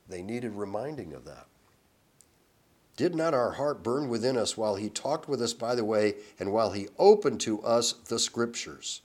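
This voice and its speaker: A man giving informal Bible teaching, reading scripture slowly with emphasis, then chatting and chuckling between verses. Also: mid-range voice, lively intonation.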